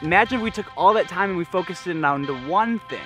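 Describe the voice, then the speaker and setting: A young man talking casually to the camera as an outdoor-sports vlogger, excited and laid-back, full of "like" and "dude". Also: high-pitched, fast talker, music in the background. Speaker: vlogger and speed flyer. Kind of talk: casual vlog talk to camera. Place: outdoors on a mountain.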